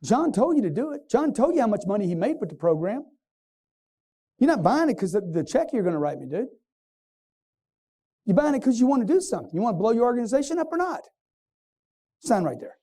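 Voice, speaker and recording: High-voiced man pumping up a crowd. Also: big pitch swings, a little fast, pauses often, warm tone. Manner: punchy, quizzes the crowd, acts out customers. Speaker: sales trainer. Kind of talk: motivational sales seminar talk. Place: stage before a live audience.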